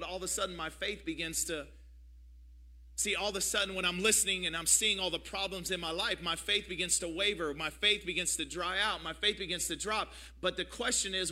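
A middle-aged man preaching a sermon as a pastor, with a repetitive cadence and calls for the congregation to answer back. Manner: builds to louder, higher passionate preaching.

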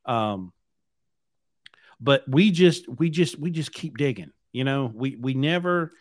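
Speaking slowly but with plenty of animation, this medium-pitched man hosts a podcast and runs a trucking company. He rambles through a long, blunt story, repeating words along the way. The studio recording is clean and dry.

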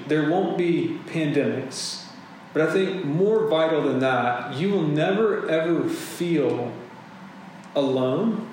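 Casual preacher in a very echoey room. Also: male voice, on the high side, a little mellow. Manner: casual, conversational preaching with asides. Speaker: pastor. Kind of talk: sermon. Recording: very echoey room, faint hum.

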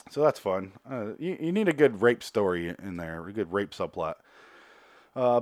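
A man's voice: lowish voice, dry recording, clean studio sound. Sarcastic man rambling through a TV recap. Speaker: TV recap host. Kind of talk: casual TV episode recap.

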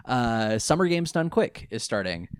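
A man's voice: mid-range voice, very animated, unhurried, smooth, no echo, studio quality. A young man co-hosting a casual podcast, chatty and laughing often. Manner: chatty, laughs often, fake British voice in the intro. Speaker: podcast co-host.

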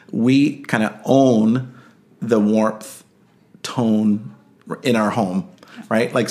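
A man hosting a casual parenting discussion, hesitant, with many fillers and "right?" tag questions. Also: lowish voice. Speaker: podcast host.

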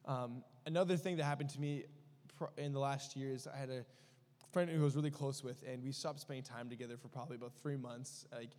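A young man shares a personal story as part of a sermon, talking openly in a middle-pitched voice. He rambles and restarts, with many fillers. The sound rings with the long reverb of a church hall. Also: steady tone, quick pace, darkish tone. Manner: candid, rambling, full of fillers. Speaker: preacher.

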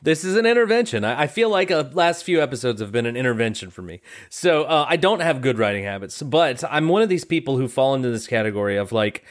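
A man's voice: mid-range voice, animated, quick pace, few pauses. A man, a music teacher, in casual podcast chat. He jokes at his own expense and fills his talk with hesitant ums and restarts. He is recorded over a remote call. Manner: joking, self-deprecating, hesitant. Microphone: remote call mic.

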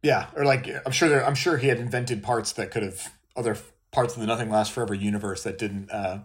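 A man's voice: fairly low pitch, fairly even intonation, fast. A man on a podcast, chatting casually about a film, laughing easily and saying "like" a lot.

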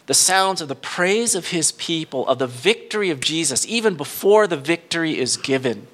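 Male pastor, fairly high bright voice, loose conversational sermon that builds up in the dramatic parts. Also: lively intonation, moderate pace. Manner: informal, thinks aloud and corrects himself mid-sentence; rises in pitch and volume when retelling dramatic scenes.

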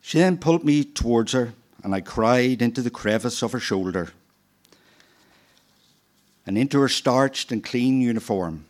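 A man with a lowish voice tells a personal story on stage. He takes his time, unhurried and reflective, and slips into the voices of the people he remembers. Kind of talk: live true-story telling.

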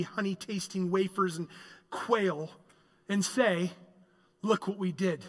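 Bright-voiced male pastor preaching. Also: sits high, long reverb tail. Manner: emphatic preaching, swelling louder on key lines. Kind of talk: sermon. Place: church sanctuary.

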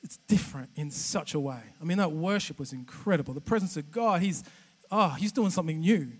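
A man with an Australian accent giving a humorous, chatty sermon as a guest preacher, animated and self-deprecating with many restarts. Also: a little high, brisk, slightly rough. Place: church auditorium. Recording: long church hall reverb.

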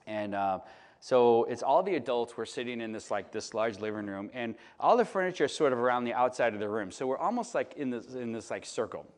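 A man in his late thirties from Chicago, preaching in a relaxed storytelling way and often asking the audience "right?" and "you know?". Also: medium pitch, brisk. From Chicago, United States. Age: late 30s. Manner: chatty, filler-heavy, asks the audience "right?". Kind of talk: conversational sermon storytelling.

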